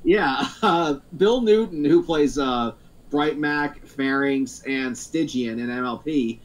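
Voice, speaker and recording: A man's voice: mid-range voice, slow pace, poor audio. A man hosting a casual podcast chat, rambling through stories with lots of fillers and frequent laughs. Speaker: podcast host.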